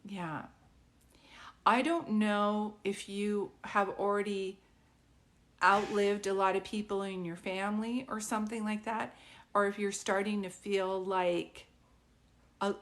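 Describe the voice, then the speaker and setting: A woman's voice: mid-range voice, steady tone, measured pace. A woman working as a psychic medium, giving a live reading in a rambling, conversational way, full of fillers and often checking whether her words make sense. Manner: keeps checking if it makes sense; earnest, pleading tone.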